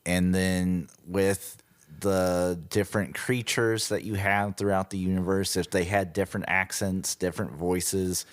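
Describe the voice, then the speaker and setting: Male podcast co-host, low voice, unhurried, wry casual chat. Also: level tone.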